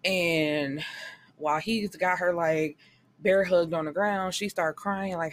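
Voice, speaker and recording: A woman chatting casually through a book review, blunt and candid, swearing freely and retelling the plot with quick acted-out quotes. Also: lowish voice, fairly even intonation, a little hiss or hum.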